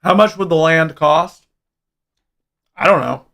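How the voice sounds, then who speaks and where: Male streamer, gravelly, a bit higher-pitched, loose rambling chat. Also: slow pace, fairly bright tone. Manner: rambling, restarts and repeats words. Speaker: livestream host. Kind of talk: casual livestream chat.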